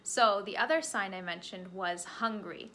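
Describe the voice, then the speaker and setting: A woman librarian leading a children's storytime, teaching signs and praising along the way with gentle encouragement. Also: mid-range voice, a little slow. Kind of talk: children's storytime with sign language.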